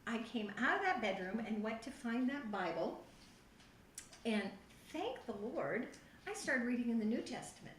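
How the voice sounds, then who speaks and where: A middle-aged woman telling her personal testimony to a youth group, animated and acting out her own past reactions. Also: on the high side, normal speed. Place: church youth room. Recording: echoey room, voice from far off the mic, faint noise.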